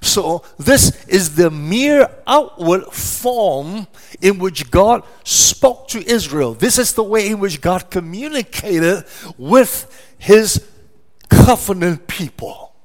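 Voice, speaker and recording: A man's voice: high-pitched, lively intonation, slow pace. A middle-aged man preaching a sermon, emphatic and repetitive, asking rhetorical questions and answering them.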